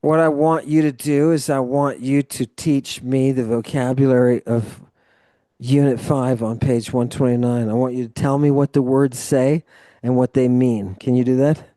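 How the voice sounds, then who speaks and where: Man, mid-pitched, patient tutor who explains grammar in long stretches and cheers the student on; dry, close sound. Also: fairly even intonation, normal speed, dark tone, no echo. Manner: encouraging, explains grammar at length. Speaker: Greek teacher. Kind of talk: live tutoring session.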